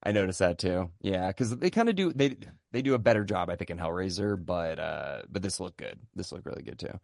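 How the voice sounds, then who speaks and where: Sex: man. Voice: low and dry. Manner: laid-back, swears freely. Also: expressive, fairly quick, vocal fry, a little mellow, no echo. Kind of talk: casual film discussion.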